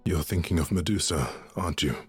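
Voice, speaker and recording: An actor playing a gentle, grieving male god of love in a video game, speaking softly and calmly with a husky voice. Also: deep voice, a little fast. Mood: calm, consoling. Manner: calm, consoling. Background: faint game music.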